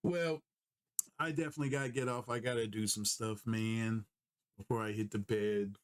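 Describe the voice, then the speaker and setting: A man's voice: on the low side, fairly even intonation, moderate pace, smooth. A man hosting a casual podcast chat, easygoing and slangy, laughing often. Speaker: podcast host.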